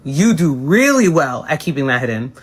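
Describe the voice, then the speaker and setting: A woman's voice: low voice, very animated, normal speed, slightly rough. A woman hosting a casual live recap chat, sassy and exasperated. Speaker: host.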